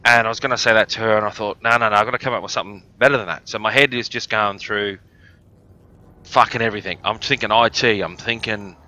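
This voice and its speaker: Speaking quickly and steadily in a fairly low voice that sounds pushed and bright, an outback Australian man with a cough spins a crude, meandering, jokey tale during a live stream.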